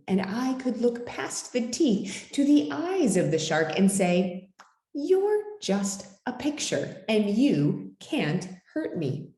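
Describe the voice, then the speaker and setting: A woman's voice: mid-range voice, big pitch swings, slow, dark tone, roomy sound. A woman reading a children's picture book aloud as storyteller, with dramatic, swooping delivery.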